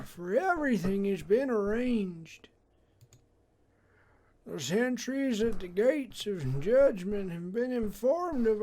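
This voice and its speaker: A man's voice: high voice, a little mellow, pitched above the performer's own voice. A man voicing a formal male noble knight in a game, giving him an old man voice with a stately, formal delivery. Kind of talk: voice acting a game character.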